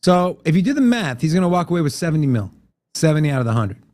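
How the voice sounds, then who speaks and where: A man walks through a news item in an easygoing, chatty way. His voice sits a little high and moves lively up and down as he reads and comments. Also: fast. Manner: conversational, explaining and reading out quotes. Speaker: co-host.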